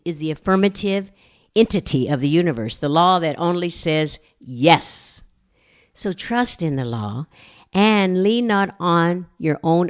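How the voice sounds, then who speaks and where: A woman in her fifties preaching a guest sermon in a gentle, meditative way, acting out her inner dialogues. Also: lowish voice. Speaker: guest minister. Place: church sanctuary.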